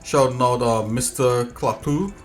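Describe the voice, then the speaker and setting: A man's voice: mid-range voice, measured pace, faint music behind. A man hosting a casual livestream as a game developer, talking in an easygoing, rambling way with lots of fillers.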